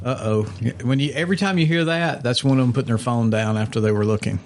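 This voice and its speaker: A man's voice: mid-range voice, fast talker, darkish tone, slight background noise. A man hosting a casual podcast chat in a small studio, teasing and joking with his guests. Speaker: podcast host.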